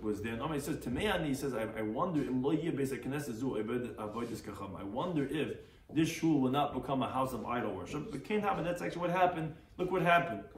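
Teaching his daily Talmud class, a man speaks fast in a medium-pitched voice, reading Aramaic and then explaining it in English. He is animated, performing the sages he quotes. The room is echoey, the mic is distant, and there's faint noise.

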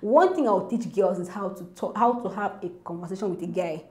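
A woman, chatting excitedly as a gossip vlogger to her viewers. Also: mid-range voice, fairly quick. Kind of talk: casual gossip commentary to viewers. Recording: roomy echo with faint music.

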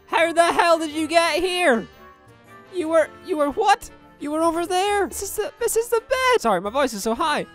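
A young man giving excitable, exclamation-filled commentary while playing a game, swearing and talking to the objects on screen. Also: high voice. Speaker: gaming YouTuber. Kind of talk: let's play commentary.

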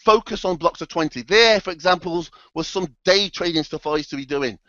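A man's voice: high voice, fairly quick, fairly bright tone, no room sound, highs cut off. A man presenting a motivational trading seminar, speaking emphatically and addressing the audience directly.

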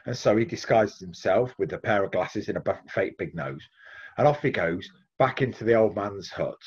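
Male author-storyteller, husky voice, lively telling, dull audio. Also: fairly low pitch, normal speed. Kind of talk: folk tale storytelling and interview answers.

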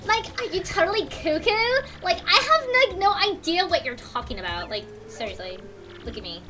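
A woman's voice: high voice, a little fast, music in the background, close to an everyday voice. A woman voicing a ditzy, indignant Valley Girl who peppers her talk with "like".

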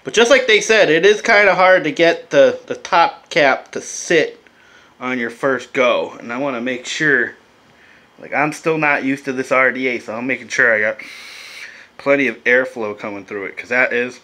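A man's voice: medium pitch, moderate pace, pushed and bright. A laid-back man chatting casually and swearing as he reviews vape gear in a vlog, coughing now and then.

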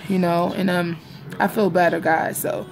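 Young woman, casual vlogger, gravelly voice, confiding and repetitive, faint background noise. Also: fairly low pitch, little pitch movement, moderate pace, a little mellow. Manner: rambling and confiding, repeats herself, addresses viewers as y'all. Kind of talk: casual vlog chat to viewers. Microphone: phone or webcam in front of her.

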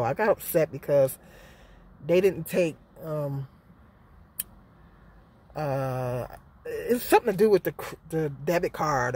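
Emphatic lively woman vlogger. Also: deep voice, slightly rough. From Michigan, United States. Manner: emphatic, rhetorical questions, repeats "okay?". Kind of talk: casual opinion vlog.

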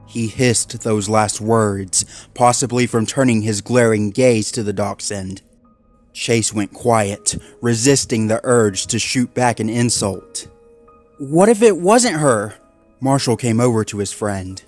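A man narrating a dark fan story in a steady, measured reading. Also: fairly low pitch, faint music behind.

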